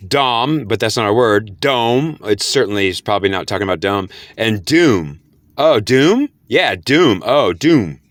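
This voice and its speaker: A man's voice: on the low side, expressive, moderate pace, few pauses, a bit bright, no echo. A man explaining spirit messages to camera. He repeats himself, sounds out words syllable by syllable, and breaks into incredulous outbursts. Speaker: spiritual speaker.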